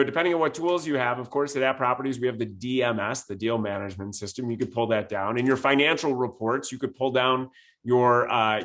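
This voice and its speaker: A man's voice: mid-range voice, fairly bright tone. A man co-teaching a business-planning session, methodical and data-focused, stressing his key points. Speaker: real estate business coach. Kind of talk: instructional webinar talk.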